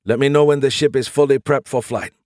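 A man's voice: medium pitch, steady tone, brisk, a little mellow, no echo, clean studio sound, voice pushed up, close to an everyday voice. A man playing a terse starship colonel. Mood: terse command. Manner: terse, matter-of-fact orders. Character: gruff male senior colonel commanding a ship.

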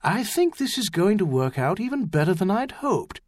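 Man reading quiet tall nobleman, soft and measured, higher voice, dry close sound. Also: animated, dry recording.

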